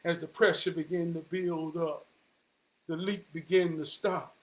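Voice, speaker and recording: A man, telling a personal story in an animated, vernacular way. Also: a little high, a little slow. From Charlotte, North Carolina. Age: 40s. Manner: animated, vernacular, quotes people in dialogue.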